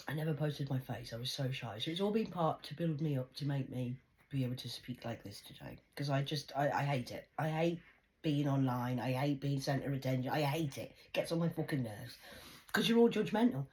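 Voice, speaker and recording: A woman speaking intensely and emphatically to her viewers, swinging between loud outbursts and hushed asides. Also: low-pitched, expressive, brisk, rough recording. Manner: confiding, addresses viewers directly. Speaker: vlogger. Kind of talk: emotional personal monologue to camera.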